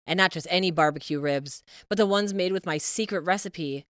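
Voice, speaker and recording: Casting: woman as a smothering, scheming mom with a lowish voice, sing-song and possessive, dry close recording. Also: fairly quick, fairly bright tone, dry recording, lightly acted. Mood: cloying. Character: overbearing scheming middle-aged mother. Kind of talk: animated story voice-over.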